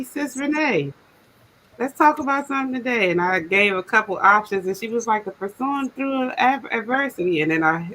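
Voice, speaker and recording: Lively, slangy woman hosting a live stream. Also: fairly low pitch, a little hiss or hum, low-quality recording. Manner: lively, slangy, laughs often. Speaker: host of a live stream talk. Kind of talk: casual live-stream chat.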